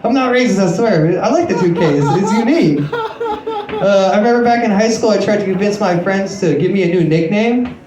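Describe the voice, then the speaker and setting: A man in his late twenties performs stand-up on a comedy club stage, his high voice very animated at a moderate pace. Into a handheld mic he tells crude, self-mocking stories laced with swearing, in an echoey room with a noisy background.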